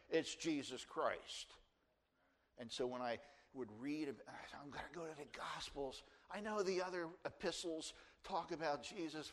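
An older man in his sixties delivers a sermon from the pulpit. His voice sits at an ordinary middle pitch, and he pushes his key phrases up with earnest, emphatic stress. He comes from New Jersey. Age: 60s. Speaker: pastor.

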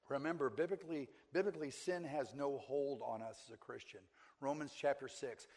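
An earnest man preaching to a congregation in an ordinary middle-pitched voice. He repeats his key phrases for emphasis and keeps checking in with a quick question to his listeners. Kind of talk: sermon.

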